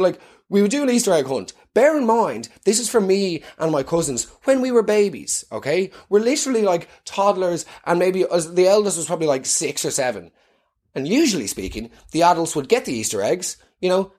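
Irish young man, comic stream, lively swooping delivery, sweary. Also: fairly high pitch. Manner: animated, swearing, rambling with laughs. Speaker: comedian. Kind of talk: comic live-stream monologue.

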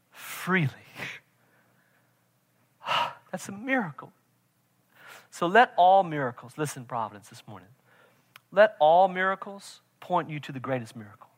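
A man preaching a sermon as pastor, emphatic, swinging from shouts to quiet intensity and often checking in with "right?". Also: sits high. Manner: emphatic, repeats "right?" to the congregation.

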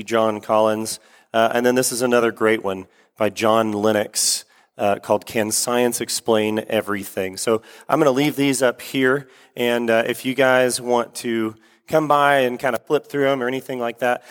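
A man's voice: mid-range voice, fairly even intonation, normal speed, clean tone. A man preaching a sermon as pastor, talking casually with fillers and restarts, then reading scripture. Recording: echoey hall.

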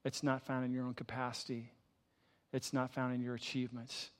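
An older man preaching a sermon as a pastor, telling a personal story with energy, then dropping to a soft, hushed voice in prayer. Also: mid-range voice, completely flat delivery, brisk, in a large hall. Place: church sanctuary.

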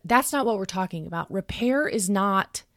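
A woman in her thirties talking in a podcast, explaining calmly and earnestly and acting out what she would say to her child. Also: mid-range voice, normal speed, dry recording, studio quality. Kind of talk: conversational podcast talk.

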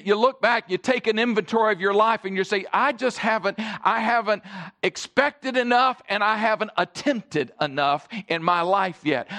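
A man preaching as a pastor, swinging between loud stressed phrases and quiet asides, often asking the congregation questions. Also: high-pitched. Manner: engages audience with questions. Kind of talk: sermon.

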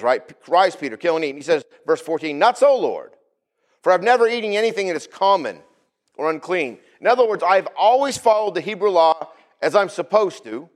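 A man preaches to his congregation in a church. His voice sits a little high and swoops widely as he talks. He acts out scenes from scripture with sudden jumps in his voice. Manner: animated, acts out Bible figures with sudden pitch jumps. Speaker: pastor. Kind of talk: sermon.

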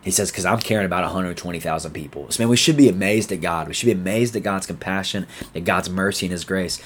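Deep-voiced man giving a casual Bible talk. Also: fast, slight background noise. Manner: reads scripture then riffs in slangy, emphatic asides. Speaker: Bible teacher.

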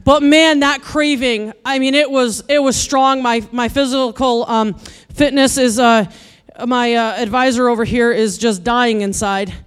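A woman preaching with a funny personal story, animated and building to loud exasperated rants. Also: a little high, measured pace, clear, resonant tone. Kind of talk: humorous sermon storytelling.

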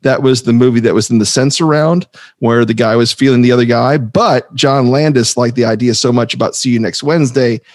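Male co-host, casual chat, lively and laughing, dry mic. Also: mid-range voice, fairly quick, no echo. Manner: animated, laughs often. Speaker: podcast co-host.

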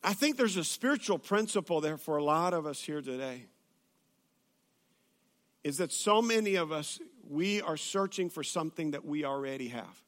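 A man's voice: a little high, expressive, normal speed, a bit bright. A man, a pastor preaching a sermon to a church audience, telling stories with humor and plenty of fillers and restarts.

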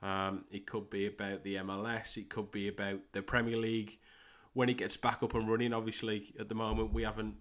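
A young English man with a West Midlands accent hosts his own soccer podcast alone. His voice sits low and stays fairly flat. He talks haltingly, repeating words and filling pauses as he goes. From England. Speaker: podcast host and soccer coach. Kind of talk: solo podcast monologue.

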